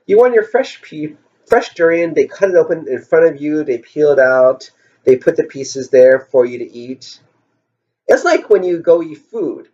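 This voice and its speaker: A man tells a rambling vlog story, musing wryly and firing off rhetorical questions. His voice sits in a middle pitch but swings up and down a lot. The recording is dull and lo-fi. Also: darkish tone. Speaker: vlogger. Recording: dull lo-fi sound.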